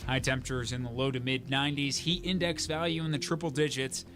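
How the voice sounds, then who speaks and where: A man, a meteorologist, reading a scripted radio weather forecast in a steady, measured way. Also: mid-range voice, background noise.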